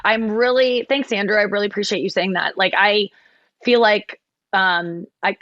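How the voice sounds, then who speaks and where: A woman's voice: mid-range voice, steady tone, moderate pace, dry recording, muffled recording. Woman podcast host chatting casually, rambly and frank, dry close sound. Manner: candid, rambling, many fillers and restarts. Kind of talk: casual chat.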